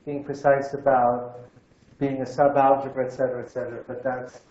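Male lecturer, halting and repetitive, dull and roomy recording. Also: mid-range voice, level tone, a little mellow. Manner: halting, repeats words, thinks aloud. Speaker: physics lecturer. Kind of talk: university lecture. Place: lecture room. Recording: echoey room, slightly dull sound.

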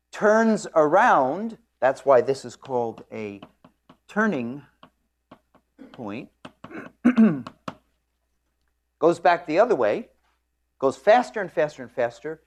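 A man lecturing on physics, explaining at a board in a joking storytelling way and often clearing his throat. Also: fairly high pitch. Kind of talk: classroom lecture.

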